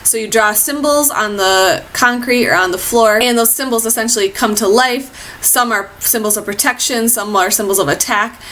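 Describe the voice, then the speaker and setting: A woman reviewing books in a casual, chatty way, gushing and animated as she talks. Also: a little high, moderate pace, slight background noise. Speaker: book reviewer. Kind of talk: casual book review chat.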